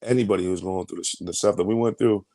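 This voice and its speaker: Fast-talking young man telling his story. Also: low-pitched, fairly even intonation, mellow, no room sound. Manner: fast, emphatic storytelling with profanity and many restarts. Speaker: interview guest. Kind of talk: candid storytelling interview.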